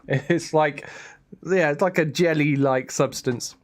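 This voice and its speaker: A man's voice: a little high, takes it slowly. A young man chatting casually on a live stream, rambling and answering his chat. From England.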